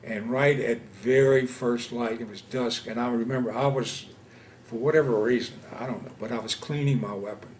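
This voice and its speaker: A man in his seventies from Louisiana, recounting his war experiences in an oral history interview, speaking haltingly with many pauses and fillers. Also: mid-range voice, steady tone, slight background noise. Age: 70s. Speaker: veteran interviewee. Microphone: interview camera setup.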